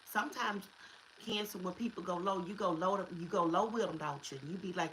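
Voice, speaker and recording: Lady doing a chatty spiritual reading, kinda low voice, keeps repeating stuff, curses a bit. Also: brisk, a bit bright, a little hiss or hum, poor audio. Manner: emphatic and repetitive, drops into slang and curses. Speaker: tarot reader. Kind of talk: casual spiritual reading to camera.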